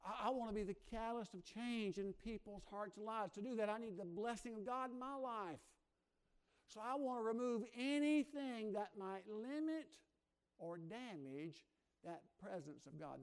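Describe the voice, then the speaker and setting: A man in his sixties preaching a sermon in a church, energetic and fast-talking, moving between quiet personal reflection and loud exhortation. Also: high-pitched. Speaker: pastor. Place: church sanctuary.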